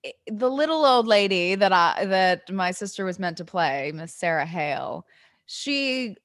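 A woman's voice: mid-range voice, expressive, unhurried, no echo. American female guest, giggly and rambling, dry close mic. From United States. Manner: giggly, self-mocking, rambling. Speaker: podcast guest. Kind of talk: casual podcast chat.

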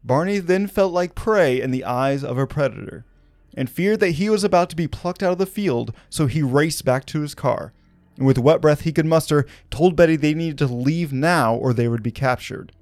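A man's voice: a little high, moderate pace, a little mellow, no echo. A man hosting a podcast, telling a story in a casual, conversational way with fillers. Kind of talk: conversational narration of a paranormal story.

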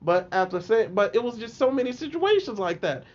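High-voiced man telling animated stories. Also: fairly quick. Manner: animated, profane, re-enacts others' voices. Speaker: podcast guest. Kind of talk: casual storytelling. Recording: lo-fi podcast audio.

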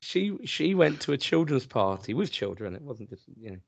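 A man's voice: sing-song, moderate pace, gravelly, no echo. A man, co-hosting a podcast and telling sweary stories in casual chat. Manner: sweary storyteller, mimics others in high voices. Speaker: podcast co-host. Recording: dry muffled podcast mic.

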